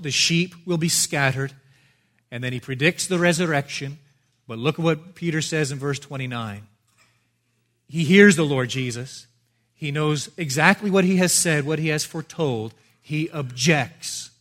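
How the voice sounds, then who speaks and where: A man preaching a sermon with earnest emphasis, his voice sinking low and soft at the ends of phrases before lifting loudly again. He repeats key lines for weight and addresses listeners directly as friends. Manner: swings between hushed low phrases and loud lifts. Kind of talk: expository sermon.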